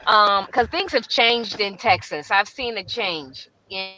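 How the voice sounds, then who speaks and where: A woman's voice: medium pitch, slow, pushed and bright, low-quality recording. A woman talking as a guest on a remote call, chatty and apologetic, calling others "love" and "sweetheart.". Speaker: guest, credit repair company co-founder. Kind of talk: casual chat on a remote call. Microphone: remote call microphone.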